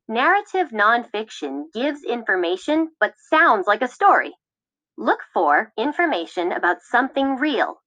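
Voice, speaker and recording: A woman reading scripted classroom instructions in a clear, measured, teacherly way. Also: fairly high pitch, bright, forceful tone, no echo, highs cut off. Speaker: lesson narrator.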